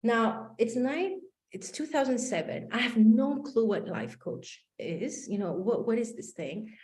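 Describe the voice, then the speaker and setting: Animated woman coach telling a story. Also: fairly high pitch, a little slow, reverberant. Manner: animated storyteller acting out dialogue. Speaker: life coach. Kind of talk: motivational storytelling talk.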